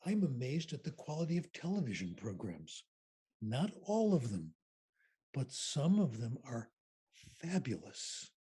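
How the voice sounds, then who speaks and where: Older male keynote speaker, husky and raspy, unhurried and emphatic. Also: mid-range voice, sing-song, dark tone. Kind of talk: conference question-and-answer.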